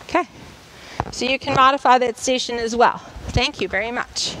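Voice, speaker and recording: A woman's voice: fairly high pitch, moderate pace, bright, forceful tone, a little hiss or hum, poor audio. A woman coach demonstrating tennis drills for a class in a school gym, explaining each step and checking in often. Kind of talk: instructional demonstration.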